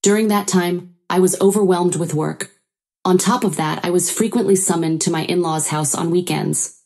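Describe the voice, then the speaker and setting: A woman narrating a first-person story in a steady storytelling delivery. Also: on the low side, normal speed.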